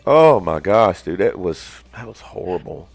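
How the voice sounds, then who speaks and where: A man in his fifties chatting casually on a hobby stream, telling stories and acting out the quotes loudly. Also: low voice, unhurried, gravelly. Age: 50s. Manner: animated storyteller, acts out quotes loudly. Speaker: stream co-host. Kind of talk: casual chat.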